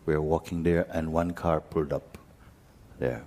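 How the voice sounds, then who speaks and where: A man who teaches spirituality, telling a personal story to a gathering in a gentle, unhurried way with frequent pauses. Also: rumbling low, steady tone. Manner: gentle, unhurried, pausing often. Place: talk hall in India.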